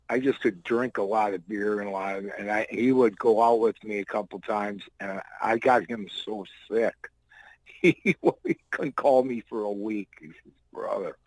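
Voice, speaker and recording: Low-voiced older man spinning rambling stories. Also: normal speed, no room sound, poor audio. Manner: loose, rambling anecdotes with blunt, salty wording. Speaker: guest, former pro wrestler. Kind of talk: casual storytelling.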